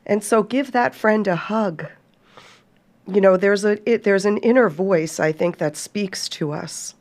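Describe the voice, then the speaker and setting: Speaking at a measured pace, this woman's medium-pitched, darkish voice hosts a podcast. She talks earnestly and from the heart to listeners she calls folks, reading passages of scripture aloud.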